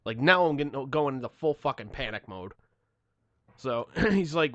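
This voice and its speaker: A man's voice: medium pitch, animated, normal speed, a bit bright, no echo, dull audio. A man hosting a podcast, telling a story in casual chat with plenty of swearing and exasperation. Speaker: podcast host.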